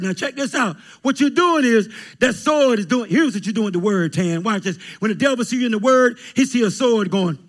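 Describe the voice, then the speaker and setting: A male preacher delivering a lively, playful sermon with call and response, joking with his congregation, in a church. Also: sits high. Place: church sanctuary.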